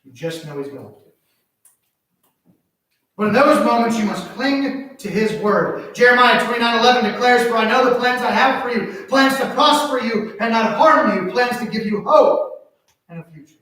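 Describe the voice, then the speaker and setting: High-voiced pastor in an echoey hall. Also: male voice, normal speed. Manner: animated storytelling, swings from hushed to loud. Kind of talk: sermon with personal story. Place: church sanctuary. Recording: echoey church hall from far off.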